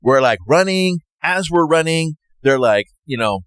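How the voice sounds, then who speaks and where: Male storyteller, casual and rambling, animated delivery with lots of pitch movement, dry sound. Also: unhurried, no room sound. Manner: rambling, animated, acts out others' lines. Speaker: podcast host.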